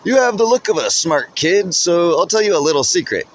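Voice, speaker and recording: A man voicing a loud, jolly middle-aged male shopkeeper in a storybook reading, talking theatrically from behind a mask. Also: sing-song, brisk, slight background noise. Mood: booming jolly. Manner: booming, theatrical.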